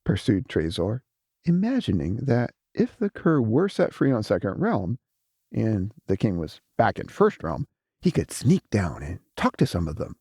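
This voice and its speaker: Mellow, husky man narrating an audiobook. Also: fairly low pitch, no echo, clean studio sound. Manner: expressive, measured storytelling.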